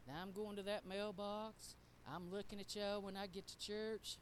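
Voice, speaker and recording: A middle-aged woman, preaching in an animated, folksy storytelling style. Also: medium pitch, normal speed, slight background noise. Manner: animated, folksy, acts out quotes. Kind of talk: storytelling sermon.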